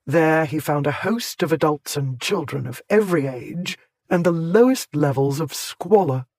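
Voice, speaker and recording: A man narrating an audiobook in a measured, clear way. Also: fairly high pitch, lively intonation, darkish tone, dry recording. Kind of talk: scripted narration.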